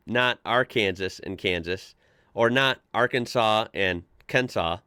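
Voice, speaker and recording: A man's voice: mid-range voice, lively intonation, a little slow, sharp tone, clear, resonant tone, dry recording, clean studio sound. An American man hosting a casual commentary show, chatty and amused as he reads posts aloud and adds his own asides. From United States. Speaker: host reacting to online posts.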